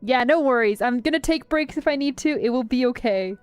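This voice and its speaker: A woman's voice: high-pitched, fairly quick, smooth, no echo, soft background music. A woman streaming a game, chatting casually with many "like" fillers. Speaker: streamer playing and reading a game aloud. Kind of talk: casual livestream chat.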